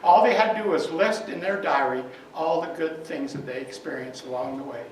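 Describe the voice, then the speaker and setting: High-voiced male minister in an echoey hall. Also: fairly quick. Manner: animated storytelling with fillers. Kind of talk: sermon storytelling. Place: spiritual center hall. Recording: echoey hall, far from the mic, faint noise.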